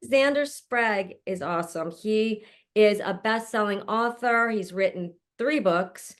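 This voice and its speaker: A woman's voice: mid-range voice, measured pace. Effusive chatty woman host. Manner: effusive, chatty, laughs often. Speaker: show host introducing a panel. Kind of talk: casual online introduction. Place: at home, mother nearby.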